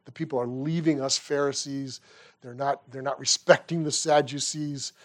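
A man's voice: mid-range voice, fairly even intonation, moderate pace, close to an everyday voice. A man voicing worried scheming religious elders. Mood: anxious. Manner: anxious, urgent grumbling.

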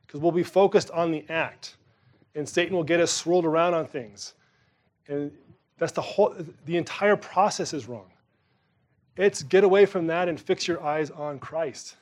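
A man delivering a sermon in a loose, conversational way, with a voice sitting a little high for a man. He presses hard on some words, then lets his voice fall soft and low. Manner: conversational preaching, swings between emphatic and quiet. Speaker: pastor.

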